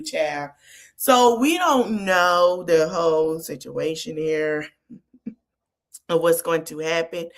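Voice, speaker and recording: A woman hosting a podcast, retelling a reality TV episode in a chatty, animated way with sassy asides. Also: mid-range voice. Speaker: podcast host. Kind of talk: casual reality TV recap.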